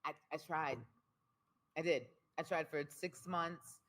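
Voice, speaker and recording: She talks slowly and low, a guest in an interview who performs spoken word poetry. Candid and emphatic, she repeats lines for rhythmic effect and colors her words with expression.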